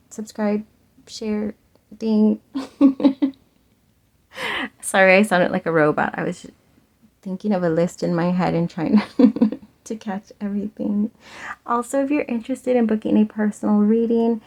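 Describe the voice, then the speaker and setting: A young woman talks through a pick-a-card tarot reading in a loose, chatty way, with plenty of "like" and "um". Her voice sits at an ordinary middle pitch. She laughs often, and her loudness swings, dropping soft at the ends of phrases. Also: creaky. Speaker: tarot reader.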